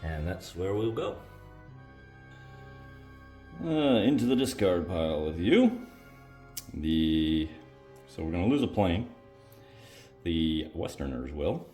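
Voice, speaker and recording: Low-voiced man narrating a wargame. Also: sing-song, slow, pauses often, warm tone. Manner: thinking aloud, counting up modifiers with many "uh"s. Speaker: host of a board wargame playthrough. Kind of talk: solo tabletop game commentary. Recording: echoey room, faint music.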